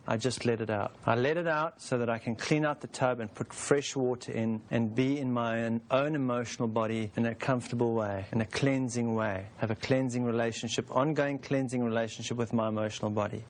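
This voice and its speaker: A man in his forties leads a teaching session in an unhurried, explanatory way. His voice sits at an ordinary middle pitch, and he builds his points through everyday metaphors. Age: 40s. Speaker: teacher of a self-help process. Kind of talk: calm spoken teaching session.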